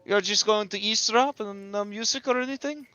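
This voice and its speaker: A man's voice: sits high, fairly quick, sharp tone, clean tone, no room sound, pitched above the performer's own voice. A man putting on a playful young woman who teases a musician at a tavern. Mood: teasing. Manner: playful teasing.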